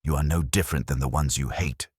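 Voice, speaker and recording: A man doing a stern Spartan warrior, curt and flat. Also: rumbling low, quick pace, breathy edge, dry recording, clean studio sound. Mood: cold, menacing. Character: brutal stern male Spartan warrior god-killer.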